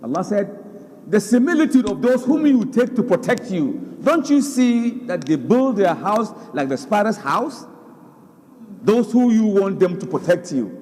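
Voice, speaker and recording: A male preacher with a high, lively voice that swings widely in pitch. He delivers his sermon with animated emphasis, repeating words and reciting verses. His voice carries a long reverb from a large hall. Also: moderate pace. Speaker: Islamic preacher.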